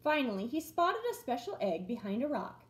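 A woman's voice: fairly high pitch, brisk. A woman teacher reading a picture book aloud to young children, expressively. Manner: expressive, storytelling. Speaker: first grade teacher. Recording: roomy echo.

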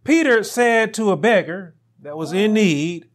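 A man preaching a sermon as pastor, building to emphatic peaks and dropping to quiet asides. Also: high-pitched, expressive, a little slow.

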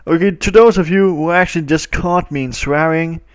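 A man with a Danish accent giving casual gameplay commentary, excitable and quick to yell at the traffic in the game. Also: fairly high pitch, clear, resonant tone, no echo. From Denmark. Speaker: gaming channel host.

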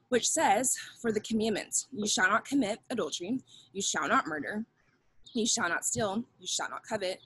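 A woman's voice: medium pitch, a bit bright, a little hiss or hum, poor audio. A young woman teaching children a Bible lesson in an upbeat way, leading call-and-response with them.

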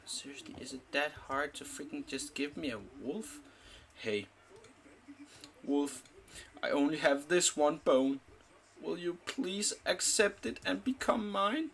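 A man's voice: fairly high pitch, unhurried, background noise. A man casually commenting while playing a game, talking to his in-game pet and squealing when delighted. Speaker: gaming YouTuber. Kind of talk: casual let's-play commentary. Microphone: desktop mic.

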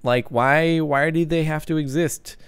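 Excitable young man gaming. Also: fairly high pitch, a little slow, clear, resonant tone, no echo. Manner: excitable, jokey, yelps and sing-song chants. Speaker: gaming YouTuber. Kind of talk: let's play commentary.

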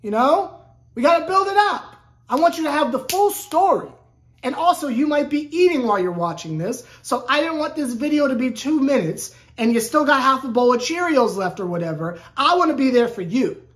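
A woman's voice: high voice, sing-song, a little fast. Sarcastic woman ranting on a sports vlog. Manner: sarcastic and rambling, with frequent restarts. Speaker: sports YouTuber covering a basketball team. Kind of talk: casual vlog rant.

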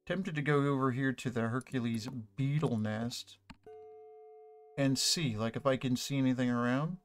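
A man's voice: mid-range voice, normal speed, faint music behind. Man musing through a let's play. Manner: musing, thinks aloud, self-correcting. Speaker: streamer. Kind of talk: casual let's play commentary.

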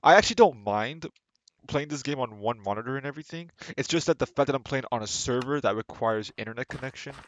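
A man's voice: mid-range voice, expressive, fast talker, a little hiss or hum. A man streaming a game live and chatting casually, rambling and tripping over repeated words. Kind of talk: casual live gameplay chat.

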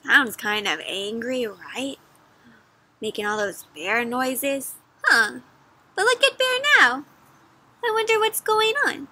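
A woman giving an interactive read-aloud for children, animated, with gasps and questions to her young listeners. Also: sits high, slow, long pauses, husky, no room sound. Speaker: children's storyteller.

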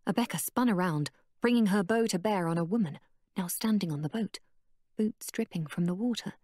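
A woman narrating an audiobook in a steady, even storytelling manner. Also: medium pitch, brisk, dry recording, studio quality. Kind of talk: scripted narration.

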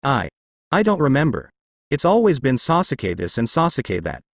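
A stammering, lovestruck girl ninja put on by a male reader, nudged a little higher and brighter than his plain voice. She hesitates often, heard close and dry in a storybook reading. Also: wildly swooping pitch, normal speed, no room sound. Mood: unsure. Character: lovestruck, anxious young female ninja.

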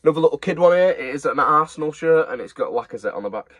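A man's voice: fairly high pitch, expressive, very fast, no room sound. A young man, casually showing off secondhand football shirts he is reselling, in a chatty, rambling way. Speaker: online reseller. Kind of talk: casual haul chat.

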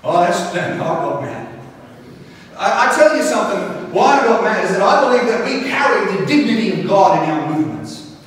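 High-voiced pastor in echoey hall. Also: male voice, normal speed. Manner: animated storytelling with frequent restarts. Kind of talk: sermon. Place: large church hall. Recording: echoey hall, distant mic, faint hiss.

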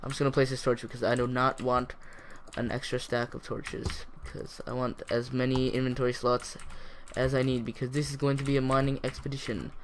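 A man's voice: mid-range voice, brisk, few pauses, slight background noise. Rambling young man narrating his game. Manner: chatty, rambling, bursts of excitement. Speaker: gaming YouTuber. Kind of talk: casual let's-play commentary.

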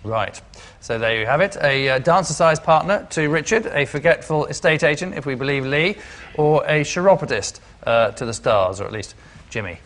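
A man's voice: fairly high pitch, lively intonation, moderate pace, fairly bright tone. A man hosting a comedy panel show in a TV studio, announcing in a dry, wry way with scripted jokes. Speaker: game show host. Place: TV studio with live audience. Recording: studio audience laughter and noise.

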